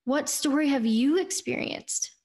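A woman's voice: sits high, a little slow, darkish tone. A woman in her thirties hosting a faith podcast, telling personal stories in an earnest, chatty way and talking straight to her listeners. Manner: earnest, chatty, addresses listeners as "you guys". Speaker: podcast host.

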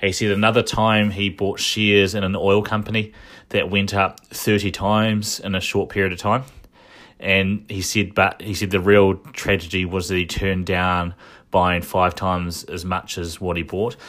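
A man with a low, deep voice talks through his thoughts in a casual commentary. He often restarts his sentences and wanders into asides as he goes. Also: flat delivery, a little slow, a bit bright. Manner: thinking aloud, frequent restarts and asides. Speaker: commentator recapping a shareholder meeting.

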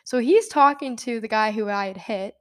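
A young woman hosting a podcast, telling a story in a casual, animated way, laughing often and acting out quoted lines. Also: on the high side, moderate pace. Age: young adult. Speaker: podcast host.

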